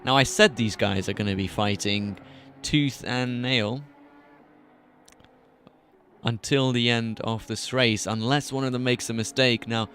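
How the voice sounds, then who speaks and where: A man's voice: medium pitch, steady tone, measured pace, long pauses, a bit bright, a little hiss or hum. A British man commentating a live sim racing broadcast from a commentary box, calling the action with jokey asides. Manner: chatty, jokey asides between race calls. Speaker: esports race commentator.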